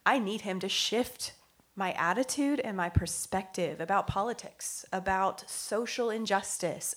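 Gravelly-voiced woman in reflective faith talk. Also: on the low side, a bit bright. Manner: earnest, laughs often, drops to a near whisper; thinks aloud with fillers and restarts.

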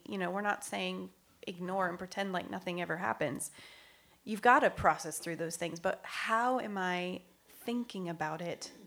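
Woman co-host, earnest reflective faith talk, gravelly fry in the voice, laughs a lot, slips into soft near-whispers. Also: lowish voice. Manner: thinks aloud with fillers and restarts.

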